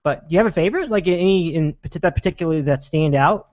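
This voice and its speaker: A man's voice: a little high, quick pace, darkish tone, no room sound. A man hosting a sports podcast in casual chat, rambling with lots of restarts and fillers. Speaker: podcast host. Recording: dull lo-fi sound.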